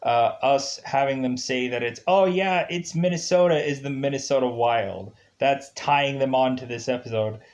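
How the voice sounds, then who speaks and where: A man's voice: medium pitch, steady tone, normal speed, few pauses, muffled recording. A man with an Upper Midwest accent giving a casual, rambling review of a TV episode, full of fillers and chuckles.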